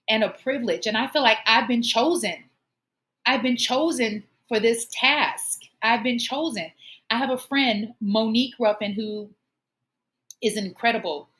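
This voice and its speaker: Woman host, fairly high voice, heartfelt encouraging monologue, earnest delivery. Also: fairly bright tone. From Omaha, United States. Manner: earnest, encouraging, emotional at times. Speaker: show host.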